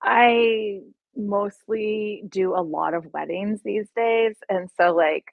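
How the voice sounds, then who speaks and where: A woman DJ telling stories in a casual interview, laughing often and animated as she retells anecdotes. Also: medium pitch, takes it slowly, creaky, no room sound, phone-quality sound. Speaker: DJ and guest.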